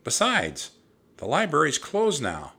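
A man's voice: a little high, huge pitch swings, measured pace, creaky, bright, forceful tone, husky, pitched above the performer's own voice, heavily acted. A man voicing a cautious, doubtful eight-year-old boy in a storybook reading, his voice a little raised and sceptical.

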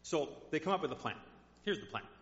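A man's voice: on the high side, sing-song, a little fast, fairly bright tone. Preaching man in an echoey church. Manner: conversational storytelling. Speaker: pastor. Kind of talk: sermon. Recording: dull echoey hall.

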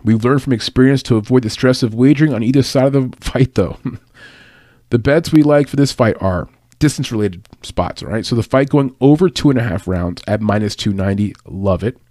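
A man's voice: mid-range voice, fairly quick, warm tone, no room sound, studio quality. Chatty man giving fight picks. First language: English. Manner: chatty, laughs at own remarks, lots of fillers. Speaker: fight analyst and betting tipster. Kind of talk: casual spoken fight predictions.

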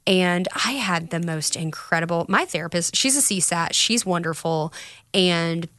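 A woman's voice: on the low side, moderate pace, a bit bright, no room sound, clean studio sound. A woman talking candidly about recovery in a casual podcast chat, telling stories with quoted voices.

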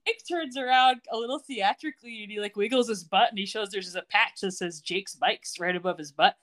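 A woman's voice: medium pitch, a little fast, fairly bright tone. A woman co-hosting a podcast, chattily recapping a TV episode and laughing often. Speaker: podcast co-host. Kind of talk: casual chat recapping a TV show.

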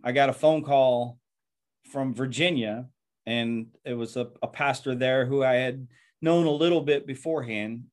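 A pastor with a mid-range voice recounts his life story in an earnest, reflective interview. He often repeats words as he talks.

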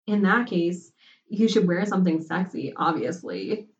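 A bold, confident college girl who speaks bluntly and teases, as a woman reads her part. The voice sits low and sounds muffled and distant. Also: big pitch swings, a little slow. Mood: brash. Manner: blunt and teasing.

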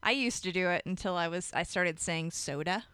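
A woman's voice: lowish voice, normal speed, fairly bright tone, smooth, no echo. A woman co-hosting a casual podcast chat, talkative, laughing often and swearing offhandedly. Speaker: podcast co-host.

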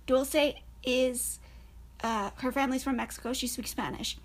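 High-voiced woman telling stories animatedly. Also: moderate pace. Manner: animated storyteller, laughs often. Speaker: podcast co-host. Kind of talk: casual chat.

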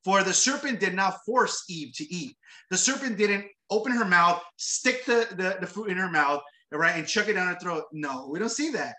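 A man's voice: high voice, expressive, moderate pace, sharp tone. A man preaching a sermon after reading scripture aloud, talking conversationally, repeating words and often adding tag questions. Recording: roomy echo.

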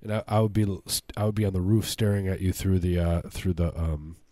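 Hombre de voz grave charlando en podcast, sonido seco. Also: male voice, sits low, fairly even intonation, brisk, warm tone, no room sound, studio quality. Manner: rambling, joking, stumbles over words. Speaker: podcast co-host. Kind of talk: casual comedic chat.

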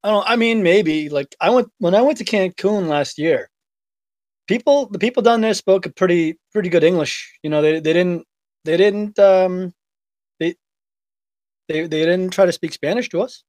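A man's voice: high-pitched, normal speed, darkish tone, dry recording. A man with a Boston accent from Revere, co-hosting a casual podcast chat and telling stories with some swearing. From Revere, Massachusetts. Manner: swears freely, tells stories. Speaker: podcast co-host.

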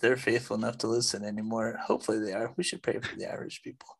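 A man's voice: on the low side, quick pace, creaky, husky. A man co-hosting a faith podcast, speaking emphatically with laughter, then reciting a prayer steadily. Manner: emphatic, animated, laughs often. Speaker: podcast co-host.

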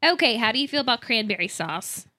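A woman's voice: on the high side, expressive, fast, pushed and bright, slight background noise. A woman hosting a casual podcast, firing off playful quiz questions. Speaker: host.

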